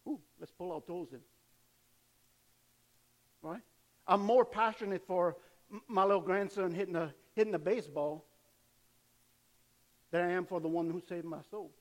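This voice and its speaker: An older man preaching a sermon in a church, animated and conversational, acting out cheering fans. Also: sits high, normal speed, pauses often, long reverb tail. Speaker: pastor.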